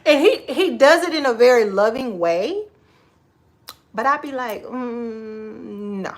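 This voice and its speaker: A woman in her forties chatting casually on a livestream from her kitchen, sassy and expressive, laughing often and giving advice to viewers she calls girl and baby. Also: high voice, moderate pace. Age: 40s. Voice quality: expressive, laughs often, Southern Black American vernacular turns. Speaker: livestream host. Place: home kitchen.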